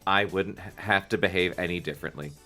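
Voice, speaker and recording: A man co-hosting a comedy podcast, reading a children's book aloud with jokey asides and squeaky put-on voices. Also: fairly quick, bright, forceful tone, soft background music.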